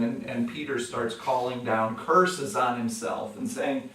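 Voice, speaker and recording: A man preaching a sermon as pastor, who acts out the voices of the people in the story and gets louder and higher for their quotes. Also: steady tone, a little slow. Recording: echoey room from far off.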